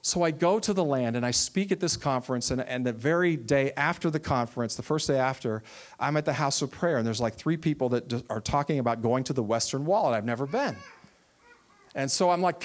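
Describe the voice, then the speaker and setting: A man's voice: medium pitch, a little fast. A man who runs a ministry, telling a personal testimony in a sermon and acting out the voices of the people he quotes. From Texas. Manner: storytelling, animated, acts out quoted voices.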